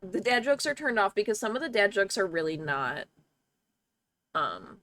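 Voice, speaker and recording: A woman's voice: mid-range voice, big pitch swings, moderate pace, a bit bright, a little hiss or hum. A young woman streaming from home, chatting casually with her viewers, swearing freely and breaking into laughter. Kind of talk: casual livestream chat.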